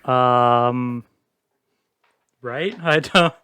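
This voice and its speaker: A man's voice: medium pitch, very slow, sharp tone, clean tone, no room sound. A man hosting a gaming voice chat, answering in short, laid-back replies. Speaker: channel host.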